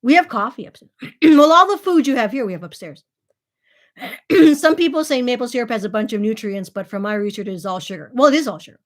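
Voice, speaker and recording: A woman's voice: a little high, expressive, brisk. A woman, talking casually to her viewers in a rambling, chatty way with lots of fillers, acting out the voices of people she quotes. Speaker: channel host.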